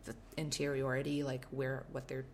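Gravelly voiced podcaster geeking out over a novel, eager and animated, faint hiss behind. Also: medium pitch, normal speed. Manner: enthusiastic, animated, reads passages aloud, often trails into soft murmured reading. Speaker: podcast co-host. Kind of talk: casual literary discussion with read-aloud passages.

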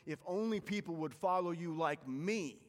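A preacher putting on a smug, bragging churchgoer. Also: male voice, on the high side, animated, moderate pace, big-room sound, natural voice. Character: boastful self-righteous man showing off to Jesus.

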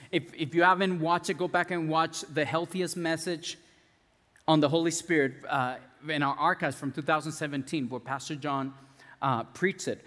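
A male pastor giving a conversational sermon with restarts, dropping soft and low when he prays. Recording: long hall reverb.

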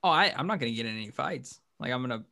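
A man's voice: medium pitch, animated, rapid-fire, vocal fry, sharp tone. Rambling man hosting a sports podcast. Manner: rambling, restarts often, upbeat. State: hiccuping. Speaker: podcast host. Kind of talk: casual sports podcast chat.

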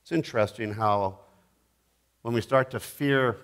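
A middle-aged man preaching a sermon, dramatic, swinging between loud bursts and hushed asides. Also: mid-range voice, measured pace.

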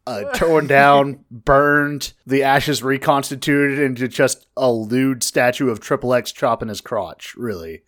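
A man's voice: medium pitch, a little slow, hardly any pauses, fairly bright tone, no room sound, studio quality. A man co-hosting a casual podcast, full of crude jokes and banter. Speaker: podcast co-host.

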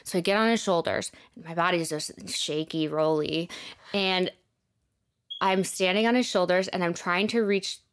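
A woman's voice: lowish voice, normal speed, clear, resonant tone. Chatty young woman telling a story. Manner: chatty, many fillers like "like", dips to soft reflective tones. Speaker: podcast guest telling her story. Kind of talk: personal storytelling in casual conversation.

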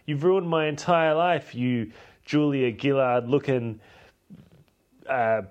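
A man's voice: mid-range voice, slow pace, muffled recording, pitched above the performer's own voice, natural voice. A man putting on the voice of a furious woman ranting at her best friend in exaggerated mock outrage.

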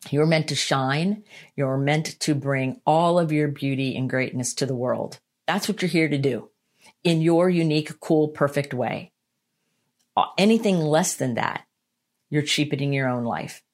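A woman giving a motivational self-help talk, earnest and emphatic, repeating her key lines and slowing down to stress them. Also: low-pitched. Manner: slows down to stress points. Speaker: motivational speaker.

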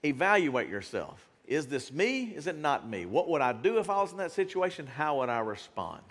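A middle-aged man preaching a sermon as pastor, in a lively, conversational way. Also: fairly high pitch, normal speed. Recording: reverberant church hall.

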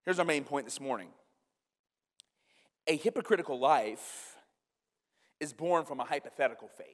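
High-voiced pastor preaching in an echoing church. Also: male voice. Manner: animated storytelling with humorous asides to the congregation. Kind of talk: sermon. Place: church sanctuary.

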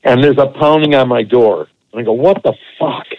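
A man co-hosting a podcast, telling a long, animated, profane anecdote in a casual way. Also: medium pitch, moderate pace, lo-fi sound. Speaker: podcast co-host. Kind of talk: casual storytelling.

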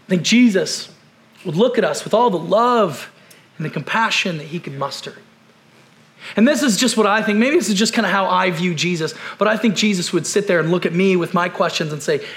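High-voiced man preaching a sermon. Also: animated. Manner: conversational preacher, repeats key phrases, fires off rhetorical questions; drops to quiet, slow emphasis on key points. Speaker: pastor.

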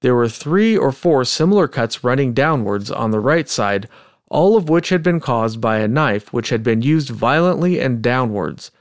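A man co-hosting a casual true-crime podcast, reading old testimony aloud in a measured, deliberate way. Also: medium pitch, animated, no echo, clean studio sound. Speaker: podcast co-host.

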